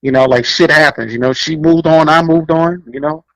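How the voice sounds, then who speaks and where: Co-host type: high-pitched New man, animated and blunt, acts out quotes, dry close mic. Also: normal speed, dry recording, low-quality recording. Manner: blunt, profane, laughs often. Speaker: podcast co-host. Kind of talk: casual chat, storytelling.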